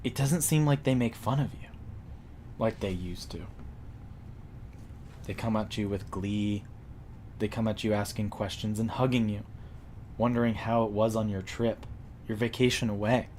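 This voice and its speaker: A man narrating a tabletop role-playing game as game master, describing scenes in a relaxed way with fillers. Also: lowish voice, normal speed, pauses often, a little hiss or hum.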